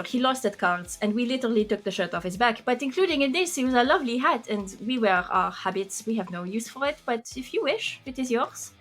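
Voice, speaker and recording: A woman's voice: on the high side, fairly bright tone. A woman voicing Sister Cordelia, a polite card-playing nun who speaks formally and halts on fillers. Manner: gracious, formal, halting with fillers.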